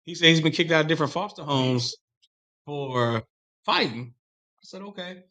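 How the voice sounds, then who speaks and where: A man's voice: on the high side, expressive, normal speed, sharp tone. A man on a podcast telling a rambling, profane story in casual chat.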